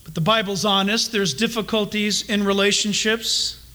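Brief: man preaching a Bible teaching, lively and questioning, high bright voice. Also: normal speed. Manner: animated, asks the congregation questions, acts out quoted voices. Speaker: pastor. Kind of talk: expository sermon.

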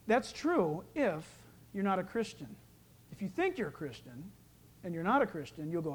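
Lively joking preacher man. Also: sits high, moderate pace, breathy edge. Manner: lively, joking preacher who acts out voices. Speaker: pastor. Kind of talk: sermon.

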